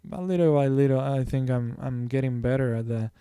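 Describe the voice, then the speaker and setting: Here a man talks a little fast in a warm, smooth, mid-range voice while drawing on stream. He rambles casually to himself and his audience, often correcting himself. The recording is dry and studio quality.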